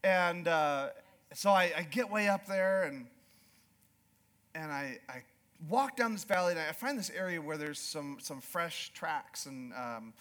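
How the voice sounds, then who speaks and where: A middle-aged Alaskan pastor with a fairly high-pitched voice preaches a sermon built around an animated personal story. At times he imitates slow, drawling voices.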